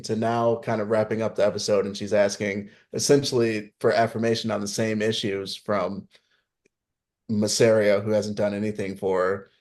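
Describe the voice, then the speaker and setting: A man co-hosts a podcast in easygoing, casual chat. His voice sits slightly low as he gives firm opinions and explains lore from the books, with frequent ums and "you know"s along the way. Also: flat delivery, moderate pace, a little mellow. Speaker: podcast co-host.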